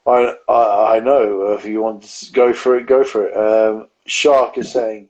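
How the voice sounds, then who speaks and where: A man's voice: on the low side, little pitch movement, measured pace, hardly any pauses, a little mellow, dull audio. A man co-hosting a casual beer review livestream, telling rambling stories full of restarts. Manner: rambling, self-interrupting storyteller. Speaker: co-host of a beer review show. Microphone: home setup on a live video stream.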